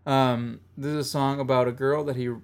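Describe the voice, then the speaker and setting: A man's voice: mid-range voice, little pitch movement, fairly quick, clean tone. A man hosting a music podcast, chatting casually and enthusiastically about songs, often rambling and repeating himself. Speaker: podcast host reviewing albums.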